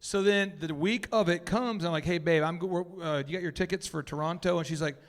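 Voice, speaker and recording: Excitable high-voiced man telling a story. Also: fairly quick, in a large hall. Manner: excitable, jumps between loud and hushed, acts out quotes. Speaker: business coach and host. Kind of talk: animated storytelling to a live audience.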